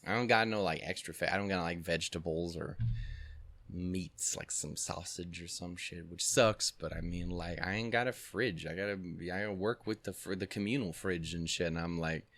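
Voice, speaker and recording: Low-voiced man rambling over gameplay. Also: moderate pace, fairly bright tone, dry recording. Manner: rambling, joking, swearing a lot. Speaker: let's play host. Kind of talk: casual gameplay commentary.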